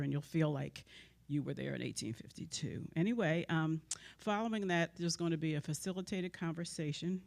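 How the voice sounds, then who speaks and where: A woman's voice: deep voice, darkish tone. An older woman making a church announcement, slightly out of breath. She is chatty and jokes about herself. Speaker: care circle member making an announcement. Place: church service.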